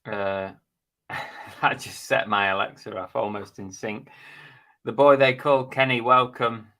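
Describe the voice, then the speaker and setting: A man's voice: medium pitch, steady tone, unhurried, sharp tone. A man hosting a casual live stream, chatting bluntly and jokily while reading out viewer comments.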